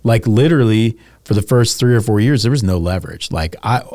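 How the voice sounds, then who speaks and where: A man's voice: lowish voice, lively intonation, brisk, warm tone, no room sound. A man in his thirties, a podcast guest, telling candid stories in a loose, casual way, full of "like" and the odd curse word. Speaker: podcast guest, real estate agent. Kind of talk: casual interview storytelling.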